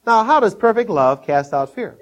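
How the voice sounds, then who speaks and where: A man's voice: high voice, expressive, moderate pace, dull audio. An older man from Minnesota preaching a sermon, telling folksy stories, chuckling often and acting out scenes in a raised voice. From Minnesota, USA.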